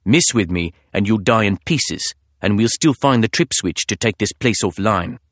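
A narrator puts on a cold, husky thug with a British-sounding accent, hushed and low. The voice sits deep and threatening, clipped and close to the mic. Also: male voice, expressive, normal speed, dry recording. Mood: menacing. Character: menacing big male intruder, cold.

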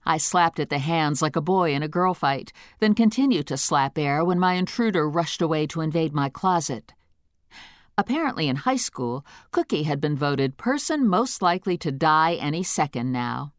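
A woman narrating a story in the first person with a wry, deadpan comic delivery. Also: deep voice, moderate pace, no echo, clean studio sound. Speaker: audiobook narrator.

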